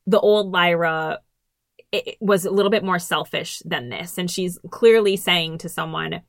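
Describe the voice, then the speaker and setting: A woman's voice: lowish voice, normal speed, vocal fry, no room sound, studio quality. A woman co-hosting a podcast, chatting casually and enthusiastically about a book and reading passages aloud. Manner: enthusiastic, lots of fillers like "um" and "like". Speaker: podcast co-host.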